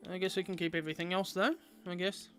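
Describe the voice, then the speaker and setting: A man's voice: high-pitched, little pitch movement, quick pace, clear, resonant tone, soft background music. A young man chatting playfully with viewers while streaming a game. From Australia. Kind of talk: casual gameplay livestream chat.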